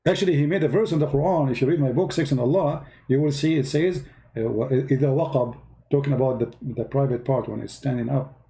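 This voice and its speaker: A man hosting a casual online commentary, talking sarcastically to his viewers in halting, non-native English with grammar slips. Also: medium pitch, warm tone. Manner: sarcastic, mocking, talks directly to viewers.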